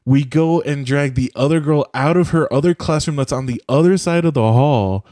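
Young guy, mellow tone, dry close computer mic, rambling and profane casual storyteller. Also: fairly high pitch, normal speed, dry recording. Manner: rambling, profane, heavy use of "like". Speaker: podcast co-host. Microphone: computer mic on a voice call.

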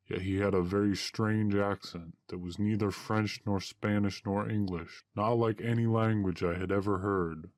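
A man narrating an old-fashioned adventure story in first person, with a measured, archaic storytelling delivery. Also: on the low side, darkish tone, no echo, studio quality.

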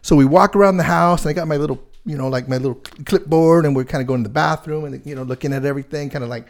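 Middle-aged man, fast rambling storyteller, gravelly voice, casual chat. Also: a little high. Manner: rambling, animated storyteller with many fillers. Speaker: real estate agent telling a story.

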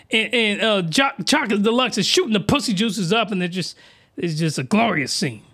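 A podcast host reviewing comics delivers a crude, comedic monologue in a high, pushed, bright voice. He rambles, jokes around, and frequently interrupts himself mid-sentence.

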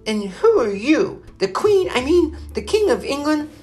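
A man voicing a defiant, sharp-tongued young girl who shouts back at her captors. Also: very high voice, sing-song, unhurried, faint music behind, voice pushed up, exaggerated voice. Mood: mocking. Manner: cheeky, shouting.

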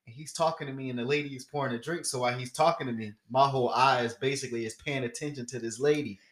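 Young guy on a podcast spinning a crazy story, middle pitch, jumps into other people's voices and laughs a lot. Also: fast. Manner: animated, acts out quoted voices, laughs often. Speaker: podcast co-host. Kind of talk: casual storytelling.

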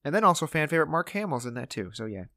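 A man co-hosting a casual podcast, chatting playfully and slipping into quick impressions. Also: on the high side, big pitch swings, sharp tone, no room sound, studio quality. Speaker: podcast co-host.

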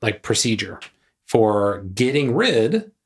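A man's voice: mid-range voice, sing-song, takes it slowly, slightly rough. A man co-hosting a podcast in casual chat, joking around and laughing often. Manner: playful, laughs often, jokey. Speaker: podcast co-host.

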